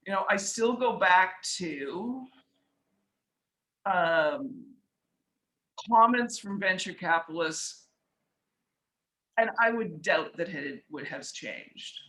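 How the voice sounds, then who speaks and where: A woman's voice: fairly low pitch, expressive, takes it slowly, long pauses, fairly bright tone, roomy sound, rough recording. A woman speaking as an author and investor guest, telling anecdotes in a casual, chatty way, acting out dialogue and using many filler words. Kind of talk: casual storytelling talk.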